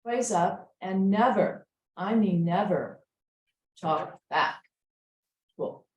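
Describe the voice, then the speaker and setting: A woman's voice: mid-range voice, slow, lo-fi sound. Teacher woman in an echoey room. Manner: patient, reads sentences aloud repeatedly to test commas. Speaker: writing teacher. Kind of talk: editing a student essay aloud in class.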